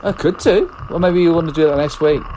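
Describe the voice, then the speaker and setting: A man hosting a casual podcast in a chatty, easygoing way. His voice sits slightly high for a man. A faint hiss runs under the recording. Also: brisk, mellow. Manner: easygoing, chatty, laughs along. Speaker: podcast host. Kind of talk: casual chat.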